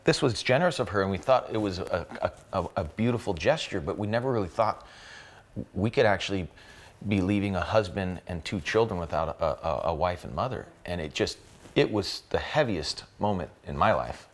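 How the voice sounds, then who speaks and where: A man, a company co-founder, telling a personal family story in an interview, halting and repeating words as he goes. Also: low-pitched.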